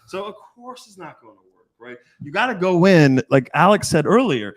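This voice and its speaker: A man's voice: high voice, sing-song, normal speed. A middle-aged man, a dating coach, talking in a blunt, profane casual chat and acting out the people he quotes.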